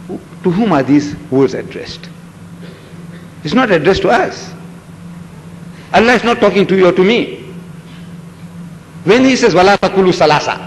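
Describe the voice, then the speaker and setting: Older man lecturing in an echoey hall. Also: high voice. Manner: theatrical, rhetorical questions, acts out scenes; switches between English and Hindustani. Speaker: public lecturer on religion. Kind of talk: lecture to a live audience. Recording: echoey hall with faint background noise.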